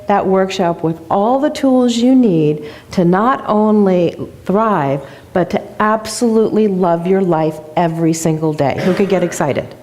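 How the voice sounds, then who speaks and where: A woman's voice: mid-range voice, unhurried, warm tone. Enthusiastic woman giving a church talk. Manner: enthusiastic, storytelling. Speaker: guest speaker. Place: church sanctuary.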